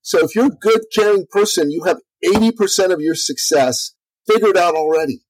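A man guest on an interview, a business coach telling a story in an energetic, conversational way. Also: high voice, brisk, noisy background. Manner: energetic, lively storyteller, acts out quotes.

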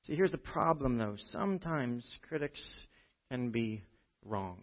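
A man preaching a sermon to a church congregation, chatty and full of rhetorical "right?" checks, dropping from loud emphasis to quiet asides. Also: mid-range voice, lively intonation, unhurried. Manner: conversational, with frequent rhetorical "right?". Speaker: pastor. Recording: dull, muffled lo-fi recording.

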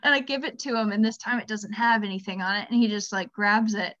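A young woman chatting casually as a guest on a video call, telling stories with laughter and lively put-on voices. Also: mid-range voice, brisk. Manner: animated storyteller, acts out kids' voices with laughs. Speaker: guest, speech therapy clinician. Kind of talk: casual chat. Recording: dull lo-fi audio.

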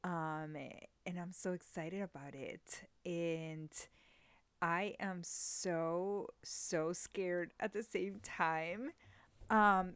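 Mexican-born woman hosting a solo podcast; earnest, heartfelt delivery, smooth voice, dry room. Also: on the low side, no room sound. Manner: emotional, earnest, mixes soft and emphatic moments. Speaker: podcast host. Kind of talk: casual solo podcast monologue.

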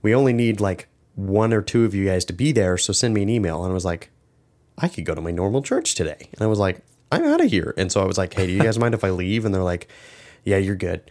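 A man's voice: sits low, fast. A young man co-hosting a podcast, rambling through stories in casual chat and acting out quoted lines. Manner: rambling storyteller, animated quoting. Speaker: podcast co-host.

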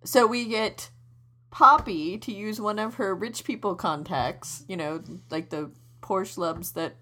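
An actress playing a scatterbrained schemer who rambles and hesitates, in a comedy audio drama. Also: female voice, mid-range voice, measured pace, pushed and bright. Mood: rambling. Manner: rambling, hesitant, full of ums. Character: scatterbrained adult woman schemer.

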